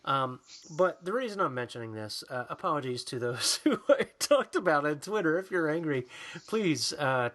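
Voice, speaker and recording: A man's voice: a little high, sing-song, normal speed, fairly bright tone. A man co-hosting a podcast in casual, profane chat, ranting and mocking people in put-on voices. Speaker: podcast co-host.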